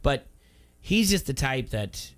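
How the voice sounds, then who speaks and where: This middle-aged man hosts a sports talk show from a radio studio, his voice sitting at an ordinary mid pitch. He rambles through stories about family and sport, slipping into quoted voices along the way. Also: slow. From Iowa, USA. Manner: rambling, animated storyteller who acts out quoted voices.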